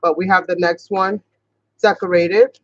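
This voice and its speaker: A woman's voice: lowish voice, steady tone, no echo, dull audio. Chatty woman with a Boston-sounding accent. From New York. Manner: chatty, rambling, talks fast at times. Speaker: craft channel host. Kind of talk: casual craft tutorial livestream.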